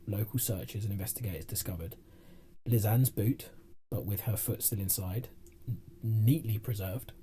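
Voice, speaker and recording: A man with a dark, mellow voice tells a spooky case in a loose, rambling way. He laughs easily between his points. A faint hiss of noise runs under his voice. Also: fairly low pitch. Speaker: podcast co-host. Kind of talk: casual chat, reading a case.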